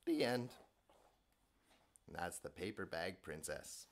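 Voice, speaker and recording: A man hosting a children's bedtime show, narrating stories in a gentle, playful, expressive way. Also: sits low, slow, creaky, a little hiss or hum.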